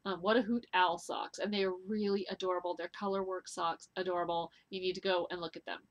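A woman's voice: lowish voice, steady tone, quick pace, highs cut off. Chatty, gushing middle-aged woman. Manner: chatty and enthusiastic, gushing with frequent ums and laughs. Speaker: knitting podcast host. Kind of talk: casual chat to camera.

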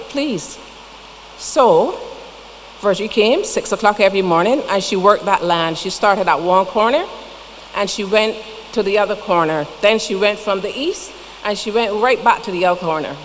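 In a church with long reverb and faint background noise, a woman with a Barbadian accent delivers a funeral eulogy. Her voice sits at a medium pitch and moves at a normal speed as she tells folksy stories sprinkled with chatty asides.

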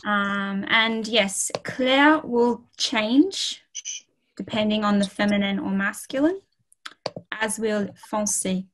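A woman's voice: mid-range voice, slow, a little hiss or hum, low-quality recording. A woman teaching a beginners' French lesson over a video call, in a casual, friendly way with many ums and okays. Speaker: French tutor. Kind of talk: casual online language lesson.

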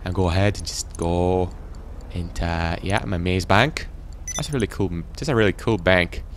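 A teenage boy giving rambling, excitable commentary while playing a video game. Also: low voice, normal speed, a little hiss or hum. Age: teens. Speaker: gaming channel host. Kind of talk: gameplay commentary.

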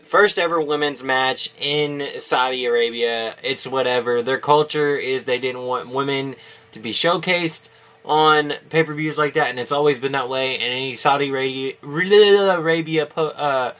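A man's voice: medium pitch, normal speed, a bit bright. A man giving a casual, opinionated video review, rambling with many restarts and fillers. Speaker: wrestling reviewer.

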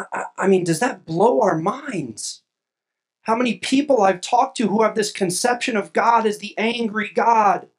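A pastor preaching a sermon, reading scripture aloud at length and rising to impassioned, emphatic exclamations. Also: medium pitch.

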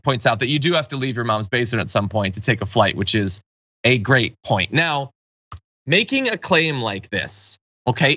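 A man's voice: on the high side, pushed and bright, no room sound, muffled recording. A man hosting a political commentary show, delivering opinionated, mocking takes with sarcastic asides.

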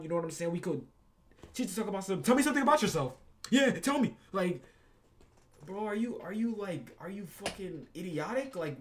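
A young man with a slightly raised voice reacting to a video in loose, casual commentary. He rants with plenty of swearing and calls his listener bro, circling back to the same phrases again and again. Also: on the high side. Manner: profane, animated ranting.

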